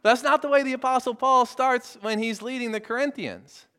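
A man's voice: very high-pitched, fairly even intonation, moderate pace, sharp tone, clear, resonant tone. A male pastor preaching a sermon, earnestly putting rhetorical questions to his listeners and repeating phrases for emphasis.

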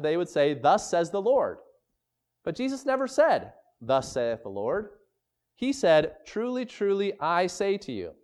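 A male pastor delivering a morning sermon in an emphatic preaching voice that sits a little higher than most men's. He leans hard on key phrases and slows right down when he quotes scripture.

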